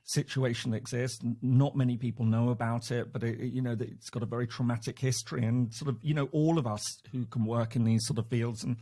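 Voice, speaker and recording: An English man joins an interview from home over a remote call. His voice sits at an average pitch, and he often stumbles, repeats himself and slips in small laughs as he speaks. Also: steady tone, fast talker, few pauses, mellow. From England. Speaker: guest academic. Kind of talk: conversational interview.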